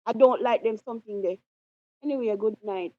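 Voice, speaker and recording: A woman's voice: fairly high pitch, a little fast, no room sound. A woman calling in to a show, speaking passionately and indignantly because she is upset. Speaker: caller. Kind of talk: impassioned phone-in comments. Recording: dull lo-fi phone line.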